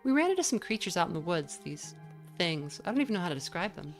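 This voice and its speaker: A woman's voice: fairly low pitch, sing-song, fast talker, soft background music. Woman doing an earnest, anxious young woman.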